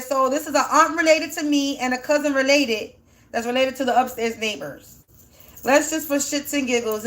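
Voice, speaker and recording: A woman with a high voice that sounds teary, as if she is close to crying. She gives a casual spiritual reading, thinking aloud in a rambling way as she poses questions and answers them herself. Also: a bit bright. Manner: rambling, asks and answers her own questions. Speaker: spiritual energy reader.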